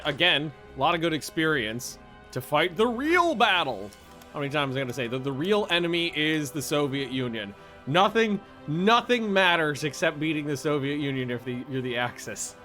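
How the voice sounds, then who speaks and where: Chatty guy thinking out loud thru his strategy game, brightish higher voice, quiet music behind. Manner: chatty, thinking aloud, easily excited. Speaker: video game streamer. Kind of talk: casual let's-play commentary.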